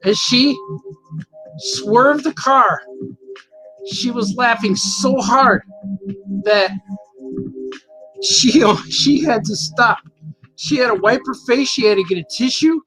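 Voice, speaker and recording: A man with a high voice spins a loose, playful story in a casual monologue. He rambles and chuckles as he goes. Music plays clearly beneath him. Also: slow pace, pauses often, poor audio. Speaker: cartoonist telling a story.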